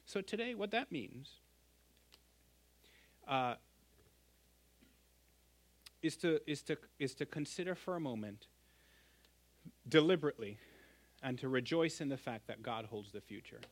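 A middle-aged pastor preaching to his church in an earnest, emphatic way. His slightly higher man's voice rises on stressed words and drops to a hush at the ends of lines. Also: animated, normal speed, long pauses. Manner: earnest, emphatic, swings from loud to hushed. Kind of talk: sermon.

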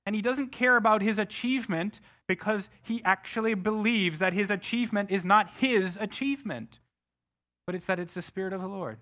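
A middle-aged man preaching a sermon as pastor, emphatic, often restarting words with quick repeats. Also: sits high, bright, forceful tone.

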